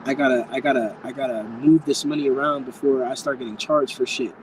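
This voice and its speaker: A man's voice: medium pitch, steady tone, fairly quick, background noise. A man giving a live tarot reading to viewers, speaking frankly and campily, calling people darling and swearing freely. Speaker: tarot reader.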